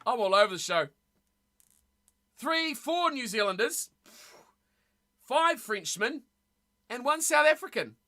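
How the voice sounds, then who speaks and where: Bright-voiced woman streaming, blunt hot takes, kinda scattered, chatting to chat. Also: fairly high pitch, very animated, takes it slowly, long pauses. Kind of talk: casual live-stream chat.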